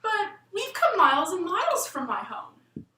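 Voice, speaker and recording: A woman's voice: very animated, unhurried, pushed and bright, distant mic, heavily acted. Woman doing a pleading lost little girl. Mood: plaintive. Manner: pleading, high and plaintive. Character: tearful frightened little girl, lost far from home. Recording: roomy room, voice set back from the mic.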